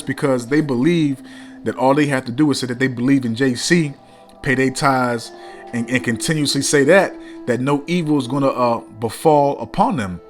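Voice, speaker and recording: A man's voice: medium pitch, moderate pace, soft background music. A man preaching in a blunt, profane street style, reading scripture aloud and tagging lines with "man".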